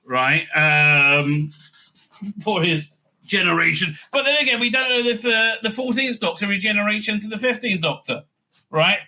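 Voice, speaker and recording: A man's voice: sits high, animated, moderate pace, bright, forceful tone. A man reading an article aloud and breaking in with sarcastic, scornful, profane asides. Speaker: online commentator.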